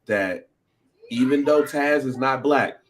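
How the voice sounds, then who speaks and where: Excitable man on a podcast. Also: slow pace, a little hiss or hum. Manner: excitable, laughing, rising into high animated bursts. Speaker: podcast co-host. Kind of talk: casual podcast chat.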